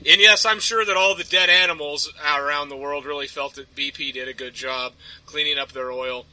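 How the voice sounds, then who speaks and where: A man's voice: a little high, fairly even intonation, moderate pace, pushed and bright, low-quality recording. A man telling a story as a podcast guest, ranting and rambling with plenty of swearing. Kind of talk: casual chat, storytelling.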